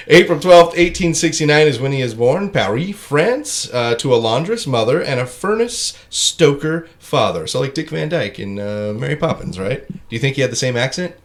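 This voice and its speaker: A man's voice: medium pitch, animated, normal speed. A man hosting a casual comedy podcast who jokes, laughs often and wanders into asides. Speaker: podcast host.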